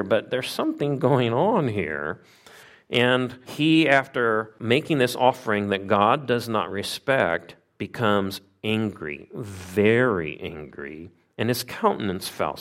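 A middle-aged man preaching a sermon in a conversational way, asking his listeners questions and acting out quoted voices. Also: fairly low pitch. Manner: conversational, asks the congregation questions. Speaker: pastor.

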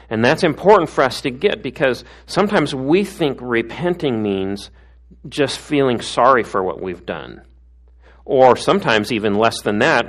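A middle-aged man giving a conversational sermon as a pastor, often tossing in tag questions. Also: mid-range voice.

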